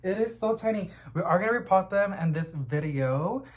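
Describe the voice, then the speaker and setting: A young man chatting casually at home about plants he is unboxing, rambling and getting excited as he goes. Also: high-pitched, moderate pace, heavy background noise. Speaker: plant vlogger.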